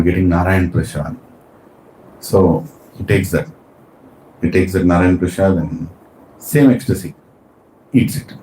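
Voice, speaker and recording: Animated preacher. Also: male voice, on the low side, slight background noise. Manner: animated, asks the audience questions. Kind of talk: storytelling sermon. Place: temple hall. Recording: roomy hall with faint ambience.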